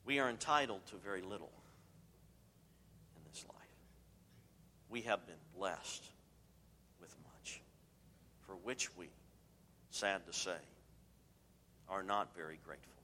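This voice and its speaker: A man preaching a sermon as pastor, emphatic and swinging between loud declarations and hushed asides. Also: low-pitched, measured pace, pauses often, long reverb tail, a little hiss or hum.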